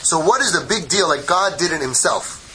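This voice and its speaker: A man teaching a Torah lesson in an animated, joking way, mixing Hebrew quotes with English explanation. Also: on the high side, moderate pace, slight background noise, low-quality recording. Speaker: rabbi teaching a class.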